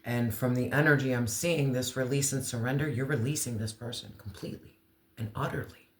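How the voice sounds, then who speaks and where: A man giving an earnest, emotional tarot reading, slowing down to stress key words. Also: mid-range voice, fairly even intonation, roomy sound. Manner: earnest, emotional, slow deliberate emphasis. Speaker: tarot reader.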